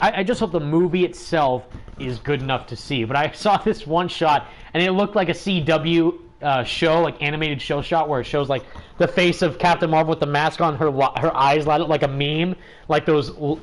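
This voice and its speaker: A man hosting a gaming livestream, talking in a chatty, rambling way with lots of fillers. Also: on the high side. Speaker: livestream host.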